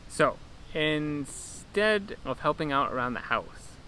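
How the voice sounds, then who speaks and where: A man's voice: fairly high pitch, very animated, takes it slowly, bright, forceful tone, slight background noise. A young American man from California, chatting casually in a vlog with a laid-back, rambling way of talking. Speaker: vlogger.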